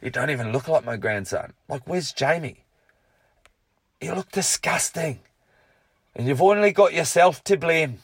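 A man's voice: a little high, animated, a little slow, pauses often, breathy edge, no room sound, pitched above the performer's own voice, exaggerated voice. A man voicing his stern old Scottish grandfather with a blunt, scolding manner and a Scottish accent.

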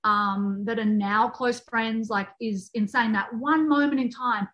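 A woman guest chatting casually and telling a travel story, laughing easily between quick asides. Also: a little high, steady tone, fairly bright tone, rough recording. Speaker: guest, author and fitness program creator. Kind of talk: casual storytelling in a podcast chat.

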